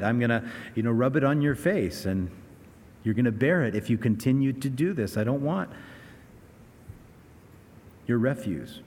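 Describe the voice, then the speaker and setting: A man's voice: mid-range voice, lively intonation, normal speed, long pauses, a little mellow, in a large hall. A man preaching a sermon as pastor, telling stories with earnest, rising emphasis. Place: church sanctuary.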